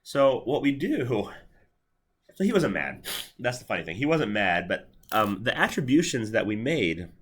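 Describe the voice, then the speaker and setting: A man's voice: medium pitch, big pitch swings, normal speed, fairly bright tone, slightly rough. A man in his thirties giving a university lecture in a lecture hall, talking casually with many fillers and restarts. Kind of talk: classroom lecture.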